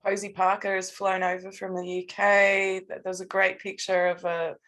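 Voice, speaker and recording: An Australian woman co-hosting a podcast in casual chat, halting and restarting her sentences often. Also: mid-range voice, flat delivery, a bit bright. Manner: halting, many restarts and fillers. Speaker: podcast co-host.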